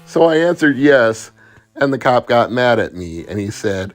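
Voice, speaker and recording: A man's voice: medium pitch, big pitch swings, measured pace. A man reviewing homebrew video games, who retells his playthrough in a sardonic, chatty way. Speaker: game reviewer. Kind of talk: casual video game review.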